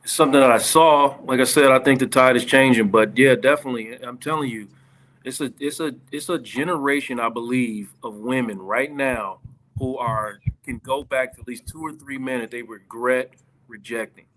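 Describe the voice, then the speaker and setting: A man sitting on a discussion panel, with his voice at a middle pitch. He talks casually and in earnest, pressing his point with emphasis. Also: moderate pace, a bit bright.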